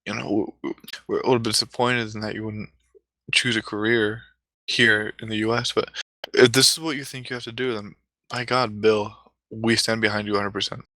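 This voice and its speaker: A man's voice: lowish voice, level tone, fairly quick, bright, forceful tone, no echo. A man voicing flustered, eager-to-please parents who stammer and hedge as they answer their son.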